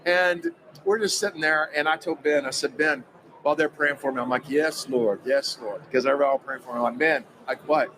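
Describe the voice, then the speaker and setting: Excitable man telling a story. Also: a little high, a little fast, noisy background. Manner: acts out quoted dialogue, excitable, emphatic. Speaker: guest recounting a personal experience. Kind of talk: animated spoken storytelling.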